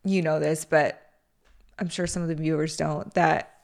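A woman's voice: low-pitched, steady tone, moderate pace, vocal fry. A woman co-hosting a casual podcast, asking questions in a hesitant, curious way. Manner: inquisitive, hesitant phrasing. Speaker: co-host.

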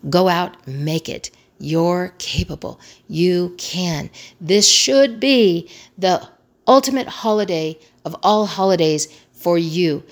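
A woman with a slightly low voice teaches crisis communication skills. She speaks earnestly in a motivational way and returns to her key phrases again and again for emphasis. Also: animated, slow pace.

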